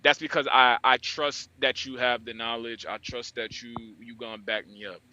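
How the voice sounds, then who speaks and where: A man in an online talk room with a very bright, sharp voice and a dry sound. He speaks haltingly, pausing on fillers as he tries to make his point. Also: medium pitch, level tone, dry recording, muffled recording. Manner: halting, hesitant.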